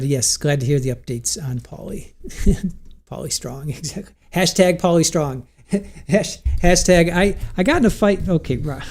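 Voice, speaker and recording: Guy livestreaming from home, chatting with viewers, laughs lots, mellow tone. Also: fairly high pitch. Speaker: livestream host. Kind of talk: casual chat reading viewer comments. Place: home room with cats.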